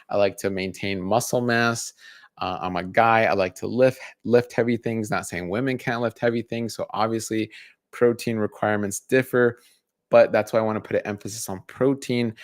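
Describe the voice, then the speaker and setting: A man's voice: lowish voice, no room sound, clean studio sound. A man in his thirties, a dietitian hosting a live stream, explaining casually and counting off points in a list. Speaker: dietitian host.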